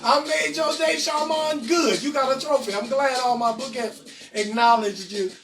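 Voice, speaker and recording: High-voiced man roasting viewers live. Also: moderate pace. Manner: loud, teasing, roasting viewers' names. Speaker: host. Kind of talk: live-stream comedy banter. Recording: echoey room, far mic, faint music.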